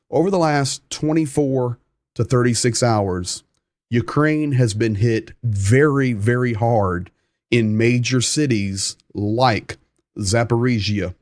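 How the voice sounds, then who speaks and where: A man with a Southern American accent hosting a live-stream news update, talking conversationally, reading viewer comments and often pausing with "um.". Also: mid-range voice, a little mellow, no echo, clean studio sound. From United States.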